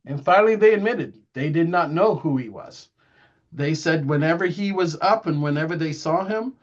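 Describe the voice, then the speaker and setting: Lively middle-aged man telling a story. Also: a little high. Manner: lively storytelling, acting out quoted dialogue in shifting voices, chuckling. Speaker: guest speaker. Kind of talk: anecdotal talk to a live audience. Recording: dull lo-fi recording.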